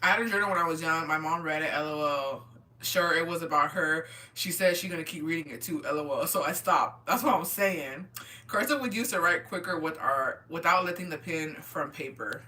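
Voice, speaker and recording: Woman streamer, profane and animated, tense bright voice sitting back from the mic. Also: deep voice, fairly quick, recorded from a distance. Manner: profane, animated, reacting to chat. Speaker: streamer reading chat. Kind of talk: casual storytelling chat.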